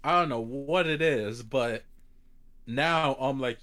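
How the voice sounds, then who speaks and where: A man chatting casually on a podcast, telling stories in a relaxed, rambling way with plenty of fillers. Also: mid-range voice, slow. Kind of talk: casual chat.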